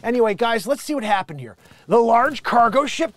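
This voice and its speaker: A man hosting a comedy news show, riffing and rambling with jokey asides between loud bursts and mutters. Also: extremely high pitch, animated, moderate pace, no room sound.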